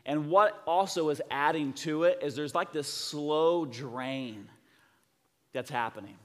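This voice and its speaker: A man in his thirties preaching a sermon, telling family stories with lively swings from soft to loud. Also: on the high side, slow. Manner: animated storyteller, acting out family dialogue, swings from soft to loud. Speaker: pastor. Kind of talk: sermon storytelling. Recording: long hall reverb.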